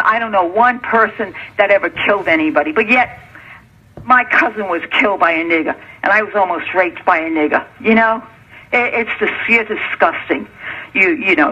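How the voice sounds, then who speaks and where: A woman's voice: mid-range voice, pushed and bright, slightly rough. A middle-aged woman leaving an angry, profane voicemail, ranting and repeating herself. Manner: furious, profane, repetitive ranting. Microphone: telephone. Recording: lo-fi phone voicemail.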